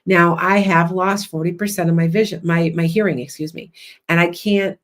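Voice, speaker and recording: A woman hosting a livestream as a psychic and hypnotist, chatting loudly and rambling with many restarts. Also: lowish voice, steady tone, normal speed.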